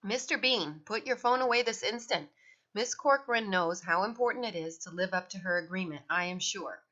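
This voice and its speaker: A woman voicing a prim, strict etiquette teacher who speaks formally and corrects crisply. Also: mid-range voice, normal speed, fairly bright tone, lightly acted. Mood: stern. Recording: dull lo-fi recording.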